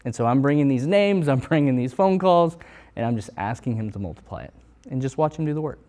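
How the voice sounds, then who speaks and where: A man's voice: medium pitch, animated, fast, warm tone. Earnest man retelling a Bible story. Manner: earnest storytelling, acts out quoted voices. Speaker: missionary sharing testimony. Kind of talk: casual testimony.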